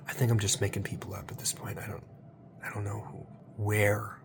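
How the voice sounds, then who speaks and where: A man hosting a late-night comedic monologue. He rambles in a mock-motivational, absurd way and swings between hushed whispers and loud, drawn-out exclamations. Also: lowish voice, flat delivery, gravelly, slight background noise. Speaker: channel host.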